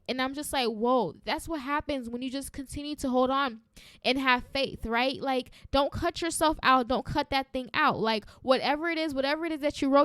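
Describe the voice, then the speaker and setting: A woman hosting a faith podcast, talking in an energetic, encouraging and conversational way and often checking in with "right?". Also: sits high, smooth, dry recording, clean studio sound. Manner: encouraging and preacherly. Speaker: podcast host.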